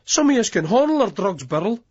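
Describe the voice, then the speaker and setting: A man's voice: high-pitched, big pitch swings, fairly quick, husky, no room sound, voice pushed up, full character voice. A man doing a cheeky lad. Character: cocky Scottish man, older party-goer. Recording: dull lo-fi audiobook.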